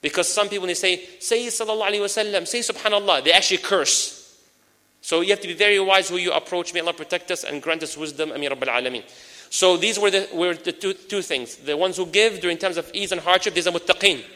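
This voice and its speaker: A man preaching a lively sermon to an audience, mixing in Arabic phrases and addressing the crowd directly. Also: high voice, fast talker. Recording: long hall reverb.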